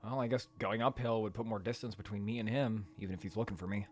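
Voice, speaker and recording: A man reading a horror dating game aloud in a quiet voice, breaking into loud, profane rants between passages. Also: on the low side, steady tone, fast, slight background noise. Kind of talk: let's play narration and commentary.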